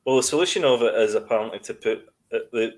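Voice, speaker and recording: A man's voice: medium pitch, fast talker, a little mellow. A man co-hosting a podcast, chatting casually and rambling with restarts. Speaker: podcast co-host. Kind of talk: casual chat.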